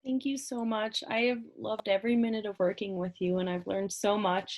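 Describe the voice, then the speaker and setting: A woman's voice: medium pitch, fairly even intonation, brisk, few pauses. A young woman in her twenties, a graduating nursing student, gushing with thanks on a video call. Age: 20s. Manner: gushing and emotional.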